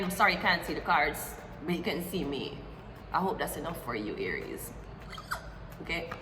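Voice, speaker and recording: A woman's voice: medium pitch, bright, forceful tone, reverberant, big-room sound, a little hiss or hum, poor audio. A woman, reading tarot cards in a casual, chatty way with joking asides. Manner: chatty, joking asides, slow deliberate affirmations. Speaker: psychic tarot reader.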